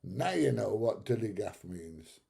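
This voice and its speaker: A man's voice: lowish voice, big pitch swings, measured pace, creaky, dark tone. A man with a Northern English accent hosting a casual livestream, reading out comments in a blunt, chatty way and laughing often. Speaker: livestream host.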